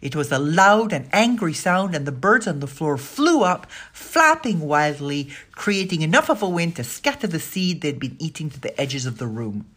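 A woman narrating a children's story aloud, expressive and giving the characters' lines their own voices. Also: deep voice, moderate pace, hardly any pauses, breathy edge. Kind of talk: storybook reading.

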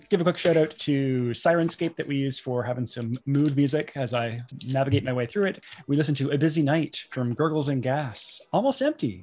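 A man, a tabletop game player, chatting casually in a soft, low-key, rambling way. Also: a little hiss or hum. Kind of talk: casual chat.

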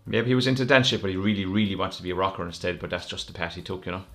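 A man's voice: sits low, steady tone, racing, fairly bright tone, soft background music. A man co-hosting a podcast with teasing, swearing banter. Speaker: podcast co-host. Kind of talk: casual chat.

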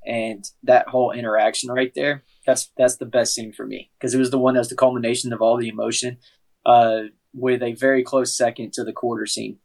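A man on a podcast lays out his points in a thoughtful, casual way. His voice sits at an ordinary pitch for a man. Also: little pitch movement, fairly quick, gravelly, a little mellow. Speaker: podcast co-host. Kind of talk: casual movie-review chat.

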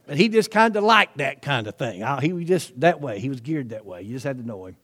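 A man's voice: medium pitch, sing-song, brisk, hardly any pauses, fairly bright tone. A male preacher, telling a story in his sermon in a folksy, chatty way with frequent asides.

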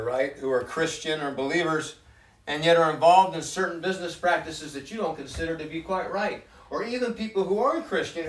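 A man's voice: on the high side, recorded from a distance. Male Bible study leader, reads scripture and expounds; sits back from the mic in an echoey room. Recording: roomy sound from off-mic.

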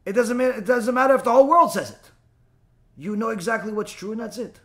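A man giving a spoken religious lesson as a teacher, animated and full of rhetorical questions and mock back-and-forth dialogue. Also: very high voice, quick pace.

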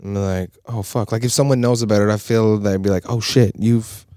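A man's voice: lowish voice, steady tone, brisk, warm tone, no room sound, studio quality. A man co-hosting a podcast in casual chat, slangy and profane, telling stories in a laid-back way. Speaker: podcast co-host.

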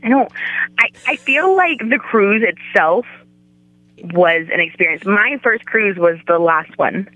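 Lively bright-voiced woman telling a story. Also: medium pitch, measured pace, no echo, rough recording. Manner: animated, acts out quoted voices while telling a story. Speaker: podcast guest. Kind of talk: casual storytelling chat.

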